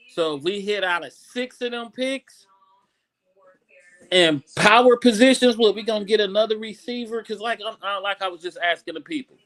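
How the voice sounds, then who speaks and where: A middle-aged man, ranting about football on a casual talk show, swinging between low grumbles and loud, high outbursts. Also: low-quality recording. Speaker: show co-host. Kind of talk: casual sports rant.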